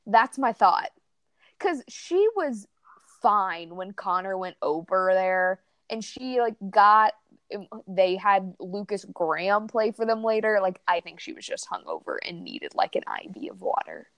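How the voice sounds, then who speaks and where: A young woman co-hosting a casual podcast, chatty and expressive. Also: mid-range voice, measured pace, no echo. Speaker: podcast co-host. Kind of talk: casual chat.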